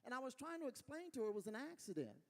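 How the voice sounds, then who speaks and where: West texas guy doing standup at a fair, animated, laughs at his own bits, lots of echo hanging in the air. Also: very high-pitched, rapid-fire. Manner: animated storytelling, folksy, laughs at own jokes. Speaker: stand-up comedian. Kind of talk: stand-up comedy. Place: outdoor fair stage.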